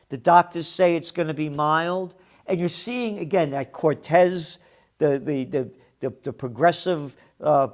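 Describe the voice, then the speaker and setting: A man, a trends forecaster and publisher, delivering a combative ranting commentary with profane, mocking asides and emphatic repetition. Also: a little high. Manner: emphatic, repeating words as he builds a point.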